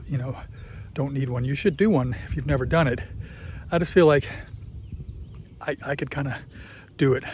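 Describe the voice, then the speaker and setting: Guy in his 50s talking on a bike ride outdoors, kinda high voice, faint noise behind, swears a lot, out of breath sometimes. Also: darkish tone. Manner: casual, chatty, swears freely. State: out of breath at times. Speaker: vlogger. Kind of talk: casual chat while cycling. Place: outdoors on a country road.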